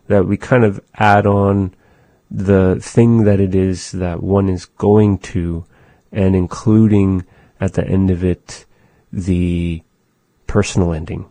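Slow, deep-voiced man teaching a language. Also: dry recording. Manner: slow, thoughtful explaining, softly repeating phrases. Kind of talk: casual language lesson.

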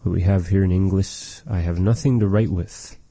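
Low, dark-voiced man teaching a language. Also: steady tone, breathy edge, no room sound. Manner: patient, repeats phrases slowly and jokes. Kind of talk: casual language lesson.

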